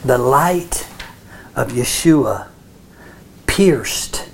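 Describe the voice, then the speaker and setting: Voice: medium pitch, lively intonation, drawn-out words, vocal fry, a little hiss or hum. A Bible teacher giving a sermon, often checking in with listeners and restarting phrases as they explain. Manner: frequent check-ins with listeners.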